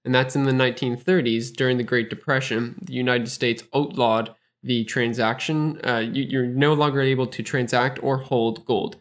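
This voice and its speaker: A Canadian man talks through an idea at an easy, mid-height pitch. He explains things with concrete examples, laughs now and then, and keeps the tone casual, like a co-host on a chat podcast. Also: steady tone, moderate pace, hardly any pauses.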